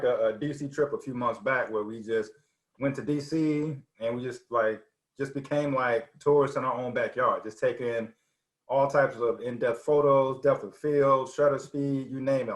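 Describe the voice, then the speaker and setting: A man interviewing a guest in a relaxed, casual way, with lots of filler words. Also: medium pitch, normal speed, reverberant, low-quality recording.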